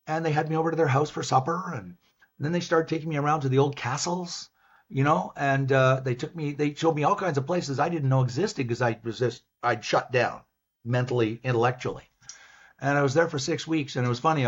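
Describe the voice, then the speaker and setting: An older man with a Canadian accent, a business professor guest in an interview, telling stories in a lively, animated way. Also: medium pitch, a little fast, breathy edge. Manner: lively, animated, acts out his own past lines. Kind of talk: storytelling in an interview. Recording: dull, lo-fi sound.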